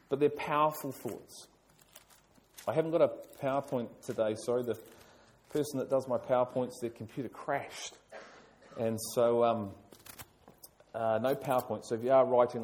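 A middle-aged man delivers a sermon from the pulpit at a moderate pitch. He preaches with emphasis, hammering home his points by repeating key phrases. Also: warm tone, slight background noise. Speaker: pastor.

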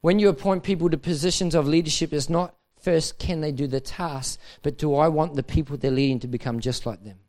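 A man's voice: fairly high pitch, fairly even intonation, a little fast, hardly any pauses, a little mellow. A man preaching a sermon to leaders at a dinner, impassioned and repeating his key phrases, building to urgent emphasis. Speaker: pastor. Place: dinner event hall.

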